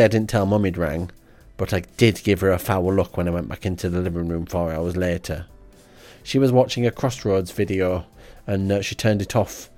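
Deadpan man, low-pitched, rambling comic diary host, faint music underneath. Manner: deadpan and rambling, with frequent ums. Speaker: comedy podcast host.

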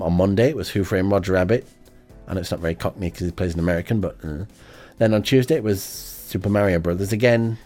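A man hosting an amateur radio show in a rambling, hesitant, deadpan comic monologue full of ums. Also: fairly low pitch.

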